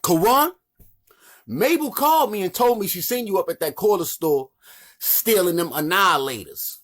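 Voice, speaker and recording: A man's voice: high-pitched, lively intonation, normal speed, fairly bright tone. A man voicing a stern old grandmother, bluntly scolding her grandson. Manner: blunt, bossy and threatening.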